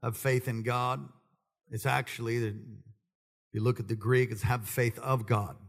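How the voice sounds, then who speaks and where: A man preaching a sermon to his congregation, swinging between calm teaching, humorous asides and loud, high-pitched passionate preaching. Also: a little slow, vocal fry, in a large hall. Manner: builds to loud, high-pitched preaching, then drops low and conversational. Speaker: pastor. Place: church sanctuary with congregation.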